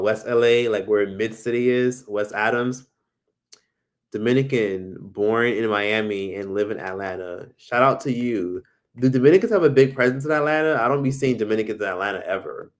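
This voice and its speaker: Chatty man hosting a live stream. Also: lowish voice. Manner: chatty, swears freely, reads viewer comments aloud. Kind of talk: casual live stream chat.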